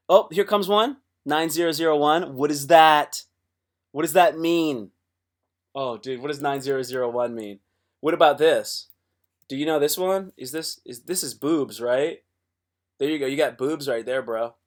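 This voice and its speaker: Male streamer with a raised pitch and a swearing, restart-heavy delivery. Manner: profane, rambling, with many restarts. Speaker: livestreamer. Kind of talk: casual livestream chat.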